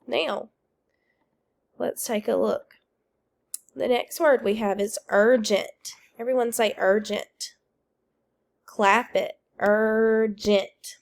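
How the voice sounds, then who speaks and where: A woman's voice: medium pitch, vocal fry. A woman teacher leading children through a phonics lesson on video, calling out words, drilling answers and praising them, while feeling unwell. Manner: leads call-and-response drills, praises answers.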